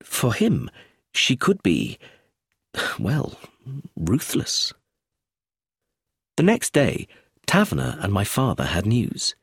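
A man narrating a story in the first person in an expressive storytelling manner. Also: lowish voice, slow pace, creaky, pauses often, breathy edge, dry recording. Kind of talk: audiobook narration.

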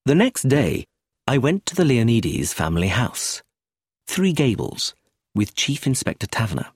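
A man reading a first-person story aloud in an expressive, lilting narrator's manner at a close mic. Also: medium pitch, a little slow, breathy edge, no room sound. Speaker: audiobook narrator.

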